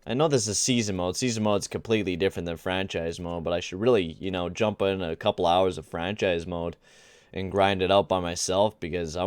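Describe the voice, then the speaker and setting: On his gaming channel, a young man gives casual, rambling commentary on gameplay, sounding exasperated and using lots of slang like "dude" and "bruh." His voice sits low, and the recording is dry.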